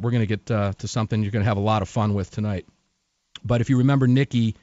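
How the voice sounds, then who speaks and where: A man's voice: fairly low pitch, fairly even intonation, fast, warm tone, no echo, muffled recording. A man hosting a radio talk show, reading listener emails and talking with a guest in an emphatic, conversational way that repeats phrases for stress.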